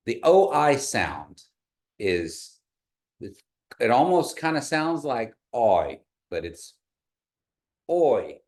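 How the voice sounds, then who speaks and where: A man's voice: medium pitch, sing-song, takes it slowly, a little mellow. A man teaching a language class in a classroom, patiently modeling sounds and having the learners repeat them. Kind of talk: classroom pronunciation lesson.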